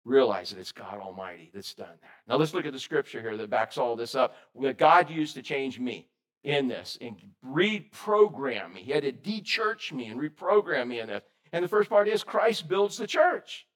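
A man preaching a sermon, lively and animated, questioning his congregation. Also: medium pitch, moderate pace. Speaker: pastor.

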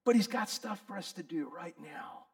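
A middle-aged man preaching a sermon in a conversational way, talking to his listeners by name and rising to loud emphasis. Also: high-pitched, animated, moderate pace, creaky.

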